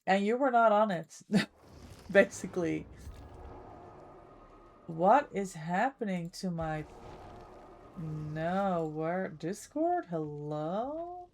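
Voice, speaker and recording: A woman's voice: fairly low pitch, very animated, very slow, long pauses, slight background noise. Chatty woman streamer greeting viewers. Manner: chatty, thanks viewers by name. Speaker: livestreamer. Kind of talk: casual chat with viewers while gaming.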